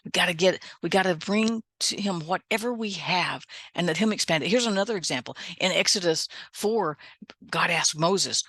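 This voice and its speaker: A woman's voice: fairly low pitch, moderate pace, fairly bright tone, breathy edge, no room sound. A middle-aged woman minister giving a conversational devotional from her apartment and often asking "right?" as she goes. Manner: conversational, keeps adding "right?". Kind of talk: devotional teaching. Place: home, apartment.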